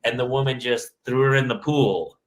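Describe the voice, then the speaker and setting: A man hosting a podcast, telling parenting stories in casual chat with animated, mock-exasperated asides. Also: medium pitch, moderate pace. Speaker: podcast host. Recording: roomy echo.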